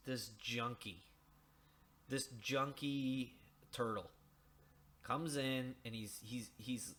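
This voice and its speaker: A man's voice: lowish voice, fairly bright tone. A man casually discussing a video game in a sarcastic, mocking way, rambling with many restarts and the odd swear word.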